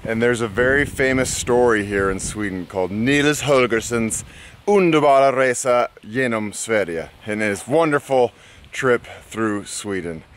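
A man's voice: on the low side, measured pace, a bit bright, a little hiss or hum. An American man chatting casually and enthusiastically to his viewers while out on a bike ride. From United States. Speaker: travel vlogger. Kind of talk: casual travel vlog. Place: outdoors, riding a bike.

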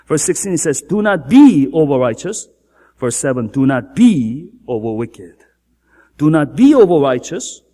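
A man's voice: a little high, darkish tone, slightly rough, in a large hall. A man, a pastor, preaching a sermon with emphatic, repetitive delivery that builds in intensity.

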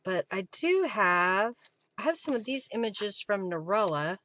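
Bright-voiced woman chatting through a craft demo. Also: medium pitch, very animated, unhurried. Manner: chatty, thinking aloud while working, thanking viewers. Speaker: craft journaling host. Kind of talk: live-stream crafting demo.

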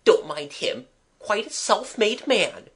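Man voicing a busybody creature lady, high and gushing, sly whispered asides, children's storybook. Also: lively intonation, takes it slowly, a bit bright, breathy edge, full character voice. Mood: confidential whisper. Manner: effusive, confidential whisper. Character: gushing female scarecrow-like creature, officious and gossipy.

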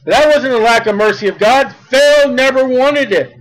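A man preaching a fiery sermon, emphatic and repetitive, rising to shouts at his peaks. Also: very high voice, normal speed, poor audio.

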